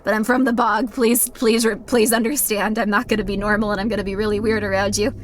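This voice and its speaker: A woman's voice: medium pitch, flat delivery, fast, slight background noise, natural voice. A woman voicing an odd, reclusive female bog witch who sells potions, mumbling shyly and reluctantly.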